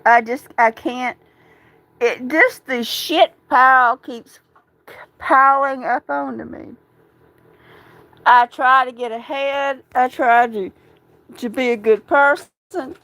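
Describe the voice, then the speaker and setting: A woman, talking through grief on a live stream, halting and repeating herself, tearful at times. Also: high voice, sharp tone, no room sound, rough recording. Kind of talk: emotional live stream chat.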